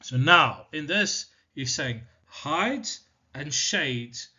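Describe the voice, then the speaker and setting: A male teacher from South Africa explaining a poem in a deliberate, step-by-step lesson, with many "so" and "now" turns. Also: on the high side, expressive, pushed and bright, breathy edge. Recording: slightly dull lo-fi recording.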